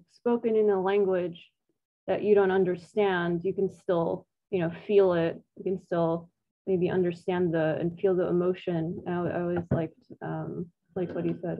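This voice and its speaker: A woman guest on a video call, warmly praising, stammering and repeating words. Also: fairly low pitch. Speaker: guest speaker. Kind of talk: casual chat on a video call. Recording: tinny phone-like line.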